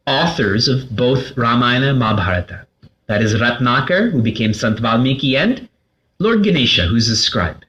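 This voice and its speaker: A man giving a spiritual talk to a class, asking questions and answering them himself in a lively, playful way. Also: mid-range voice. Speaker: spiritual teacher. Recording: slightly dull lo-fi recording.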